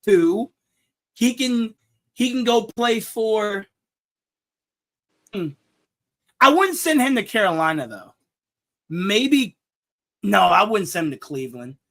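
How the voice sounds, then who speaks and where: A young man with a high voice hosts a casual sports talk show. He jokes, laughs at his own jokes and repeats his words as he goes. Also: big pitch swings, takes it slowly, long pauses, a bit bright. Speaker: show host.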